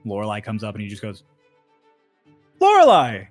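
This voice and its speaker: A man's voice: medium pitch, a little slow, soft background music. A man narrating a tabletop game as game master, laid-back and casual, swearing now and then.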